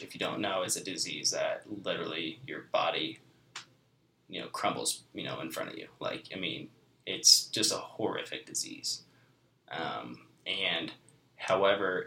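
A man in his twenties gives a heartfelt personal testimony, rambling and filling pauses with "you know" and "like". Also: low voice, gravelly, bright, forceful tone. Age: 20s. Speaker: guest. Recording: echoey room.

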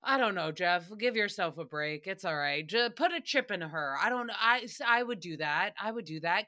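A woman's voice: a little high, pushed and bright. A young adult woman hosting a casual solo podcast recap, chatty, profane and sarcastic. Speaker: podcast host recapping a radio show.

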